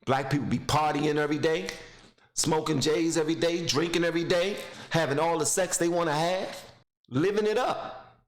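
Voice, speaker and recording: A man's voice: a little high, normal speed, echoey room. A man giving blunt, mocking casual commentary while reacting to a video clip, rambling into stories.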